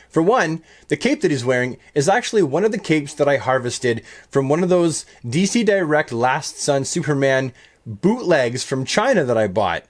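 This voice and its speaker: Upbeat man hosting a toy showcase, slightly high voice that bounces up and down a lot. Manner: chatty, upbeat and pun-loving. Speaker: toy collector reviewing custom action figures. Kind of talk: enthusiastic toy showcase narration.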